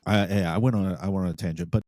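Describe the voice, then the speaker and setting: A former police sergeant with a low, steady, slightly mellow voice co-hosts a podcast, telling blunt, profane stories about police work at a racing clip. It's casual podcast chat on a dry recording.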